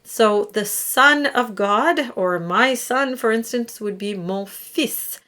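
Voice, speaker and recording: A woman's voice: a little high, sharp tone. Patient woman teaching sung diction. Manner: patient, demonstrates words slowly. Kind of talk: instructional explanation.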